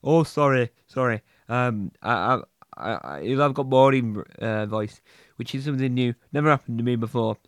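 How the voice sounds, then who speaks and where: This is a chatty male pet fish voiced by a man, cheeky and a little clumsy with words. The voice sits at a middle pitch. It is recorded dry and close. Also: moderate pace, dry recording, natural voice.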